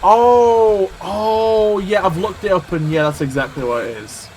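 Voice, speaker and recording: A man's voice: high voice, very animated, moderate pace, a little hiss or hum. A man streaming a game, chatting casually and teasing his partner, swearing freely. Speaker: streamer, host. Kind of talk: casual gameplay chat.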